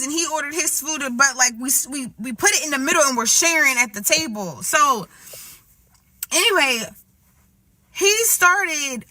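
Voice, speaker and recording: High bright-voiced woman telling a story. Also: no room sound, distant mic. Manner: rambling, restarts, says "right?" often. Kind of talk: casual storytelling.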